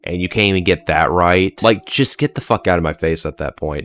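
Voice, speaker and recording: A man's voice: low voice, brisk, a bit bright. A man giving a rambling, profane solo video commentary, full of "like" and "uh". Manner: rambling, profane, heavy use of "like" and "uh". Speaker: pop culture commentator.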